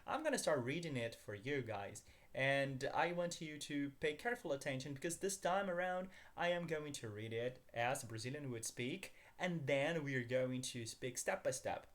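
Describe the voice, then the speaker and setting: A man's voice: medium pitch, expressive, normal speed, hardly any pauses. A man teaching a beginners' language lesson, upbeat, calling his viewers guys and asking them to repeat after him.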